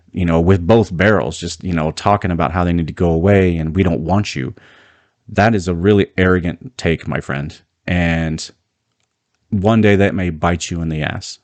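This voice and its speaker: A man with a very low voice delivers a heated, emphatic solo commentary, often restarting his sentences as he pushes his point. The sound is close and dry, with no room around it. He comes across as a host fired up about his topic. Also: dry recording.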